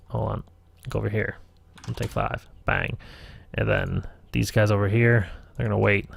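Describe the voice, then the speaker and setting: A man's voice: lowish voice, gravelly. A man running a casual live tutorial stream as game master, rambling, swearing and talking to himself at his computer. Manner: rambling, profane, self-talking.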